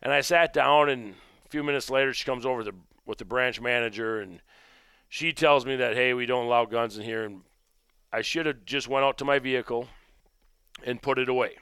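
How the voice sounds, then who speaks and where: A man hosting his own podcast, telling a story in a rambling, conversational way and dropping low and quiet when he recounts his own remarks. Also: moderate pace, clear, resonant tone, no echo, studio quality. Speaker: podcast host and gun shop owner. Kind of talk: casual storytelling monologue.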